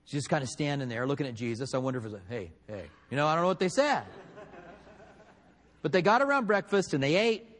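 A man preaching a sermon, telling a story with acted-out quotes and swinging between loud and hushed delivery. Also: a little high, animated, quick pace, pauses often, in a large hall. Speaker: pastor.

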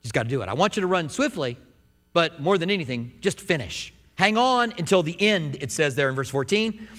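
A man's voice: on the high side, expressive, a little fast, fairly bright tone, long reverb tail. A man preaching a sermon in a church, earnest and conversational, often restarting his phrases. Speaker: pastor. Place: church sanctuary.

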